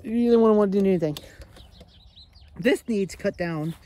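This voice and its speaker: A woman vlogging casually at home, rambling excitedly and chatting to her pets. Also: medium pitch, moderate pace. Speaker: daily vlogger. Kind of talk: casual rambling vlog chat. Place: at home, yard and indoors.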